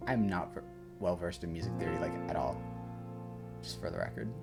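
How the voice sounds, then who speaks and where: A man's voice: low-pitched, a little fast, gravelly. A man casually rambling and reacting while music plays at home, swearing and chuckling now and then. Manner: rambling and laid-back, swears, chuckles often. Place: at home in his room. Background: game soundtrack playing softly.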